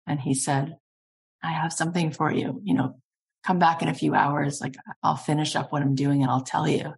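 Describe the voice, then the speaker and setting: Low-voiced woman telling lively stories. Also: moderate pace, creaky. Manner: animated storyteller, lively, laughs often. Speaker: podcast host. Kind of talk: conversational interview.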